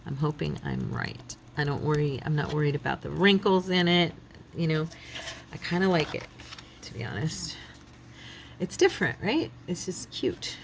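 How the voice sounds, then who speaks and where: A woman's voice: deep voice, lively intonation, normal speed, vocal fry, a little hiss or hum. A middle-aged woman hosting a craft channel, chatting casually and thinking aloud as she works, often laughing. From United States.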